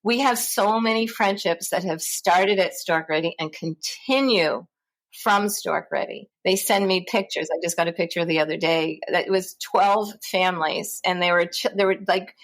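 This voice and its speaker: A middle-aged woman, a guest in an interview, telling stories in a lively way and acting out the people she quotes. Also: medium pitch, normal speed. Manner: animated, acts out quoted voices. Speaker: guest, founder of a parent support center. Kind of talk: conversational interview storytelling.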